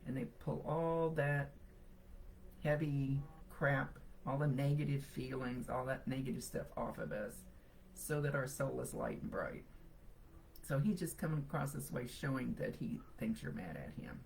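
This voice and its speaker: A woman's voice: very deep voice, a little slow, creaky, a little mellow, slight background noise, poor audio. A woman psychic medium giving a live reading to viewers, chatty and reassuring as she relays messages.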